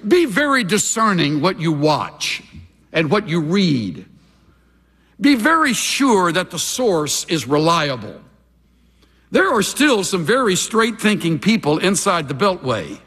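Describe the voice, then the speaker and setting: Emphatic older preacher, husky. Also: male voice, high-pitched, sing-song, takes it slowly, in a large hall. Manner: emphatic, swings from loud exhortation to hushed asides. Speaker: pastor. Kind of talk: sermon.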